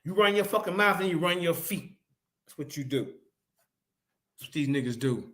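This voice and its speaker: A man's voice: a little high, expressive, moderate pace, pushed and bright. A man on an online debate panel, angrily and profanely calling out a rival in a confrontational, repetitive way. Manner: repetitive, emphatic call-outs. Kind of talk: heated online panel argument.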